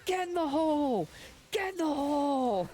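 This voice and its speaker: A woman imitating a ranting male stand-up comic, shrill and mocking, swearing as she shouts. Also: very animated, normal speed.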